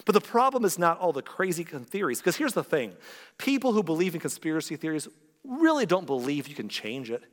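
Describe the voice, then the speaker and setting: In a big hall with long reverb, a fairly high-voiced pastor preaches briskly. His sermon feels conversational and lively, peppered with joking asides and small impressions of other people.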